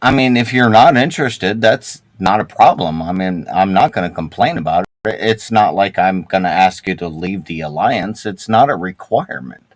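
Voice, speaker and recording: A man's voice: deep voice, animated, normal speed, hardly any pauses, dry recording, poor audio. A man in a gaming group voice chat who rambles and restarts a lot and swears heavily as he argues. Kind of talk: heated casual voice-chat argument.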